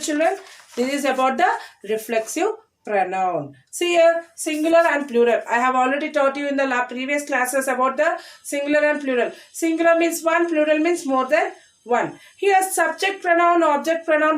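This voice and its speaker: A woman's voice: high-pitched, lively intonation, normal speed, far from the mic. A woman teaching a grammar lesson to young children, repeating key phrases and answering her own questions. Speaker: primary school English teacher.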